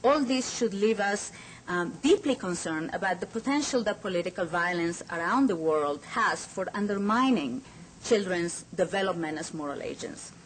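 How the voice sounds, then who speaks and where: A woman lecturing at an academic forum in an earnest, emphatic way. Her voice sits on the low side, and a faint hiss runs underneath. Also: lively intonation, normal speed, poor audio. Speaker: academic speaker. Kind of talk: conference lecture.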